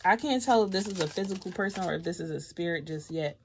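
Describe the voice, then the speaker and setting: A woman hosts a live tarot reading in a casual, animated way. She laughs often and swears freely, shifting easily between quiet, confiding asides and loud, emphatic declarations. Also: on the low side, fast, a little hiss or hum. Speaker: tarot reader.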